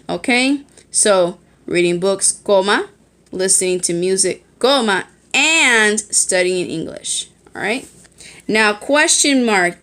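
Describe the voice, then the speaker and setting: A woman's voice: on the high side, a bit bright. A woman teacher giving a recorded lesson on her phone, explaining step by step and checking in often. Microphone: phone held in hand.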